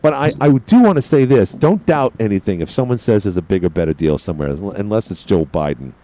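Brooklyn-accented male talk host, mellow voice that swings up and down, digressive and self-mocking. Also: fairly low pitch, expressive, a little fast, rough recording. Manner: chatty, digressive, self-deprecating. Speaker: radio show host. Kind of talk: rambling monologue.

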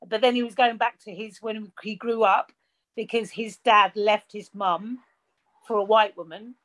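Mother in a family chat, mid-pitch voice, calm and explanatory. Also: a little slow. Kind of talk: casual chat.

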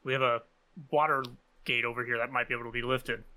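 A man playing a tabletop game who speaks in quick, urgent short calls. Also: mid-range voice, level tone, sharp tone, rough recording. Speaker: player.

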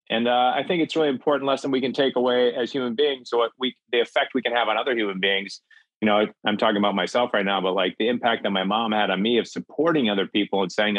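A man's voice: mid-range voice, fairly quick, no room sound, rough recording. A middle-aged man from Minnesota, a podcast guest telling a personal story in an earnest, candid way. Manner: earnest, animated when acting out quotes.

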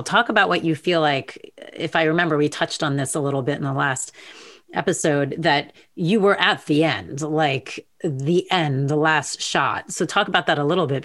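Low-voiced woman host prompting her guest. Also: fairly bright tone. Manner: encouraging, prompting interviewer. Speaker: podcast host. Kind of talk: casual chat.

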